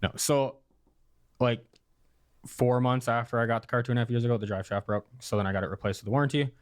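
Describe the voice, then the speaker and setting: A man as an interview guest, explaining his situation in a slow, measured way. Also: medium pitch, steady tone, clean tone, no room sound, studio quality.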